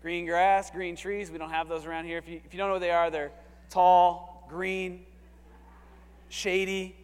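A man preaching a sermon as a pastor, animated and swinging from hushed to shouting. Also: sits high, a little slow, clean tone. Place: church sanctuary. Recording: long hall reverb.

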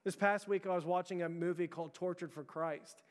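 A man's voice: high-pitched, fairly even intonation, fairly quick. A man preaching a sermon as pastor, earnest, often restarting his words and calling out to the church. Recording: long hall reverb.

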